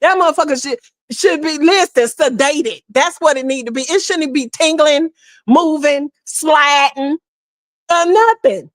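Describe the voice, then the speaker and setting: A woman giving sassy, animated gossip commentary, talking straight to her audience and calling them "girl" and "honey". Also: high voice, measured pace, no echo, clean studio sound. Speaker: commentary host.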